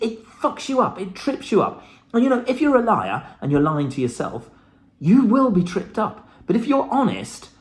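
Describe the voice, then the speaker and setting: A middle-aged man giving a blunt, profane motivational talk to camera, with the odd laugh. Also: high voice. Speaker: self-help vlogger.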